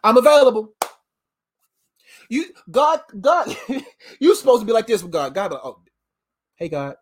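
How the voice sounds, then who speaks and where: In an informal sermon, a preacher talks loosely in animated street slang and laughs often, sounding worn out after a long week yet still pushing his energy up and down. His voice is mid-range and his pace normal, with a little hiss or hum on the recording.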